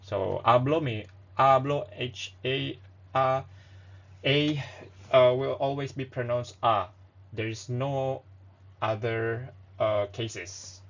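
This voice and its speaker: Gravelly man teaching a casual lesson. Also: mid-range voice, slow pace, fairly bright tone, dull audio. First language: not Spanish or English. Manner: hesitant, many fillers, self-correcting. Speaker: language teacher.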